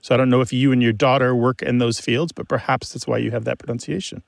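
A man's voice: medium pitch, steady tone, quick pace, gravelly, no echo. A man co-hosting a radio show about language, explaining word stress enthusiastically to a caller. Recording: dry studio mic.

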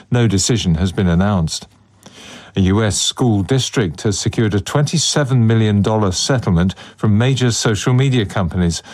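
A man reading a radio news bulletin in a measured, formal manner. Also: fairly low pitch, a little mellow. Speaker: newsreader.

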